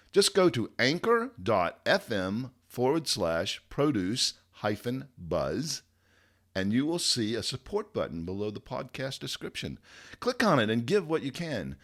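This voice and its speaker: A man hosting a casual podcast, jokey and chatty. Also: mid-range voice. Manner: jokey, animated. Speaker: podcast host.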